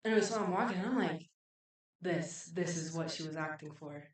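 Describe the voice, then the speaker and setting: Woman ranting thru a wild club story, lowish voice, swears a ton, echoey room, mic kinda far. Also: brisk. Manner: animated, profane, filler-heavy, acts out dialogue. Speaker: podcast guest, club promoter. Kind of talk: casual storytelling. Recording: roomy echo, distant mic.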